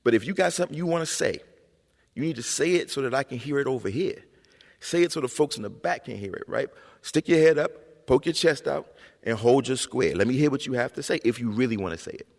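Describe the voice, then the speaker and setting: A man voicing a firm, encouraging mother who insists her son speak up, repeating herself. He is recorded on a high school auditorium stage. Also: expressive, quick pace, gravelly. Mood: coaxing firm. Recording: long reverb in a school auditorium.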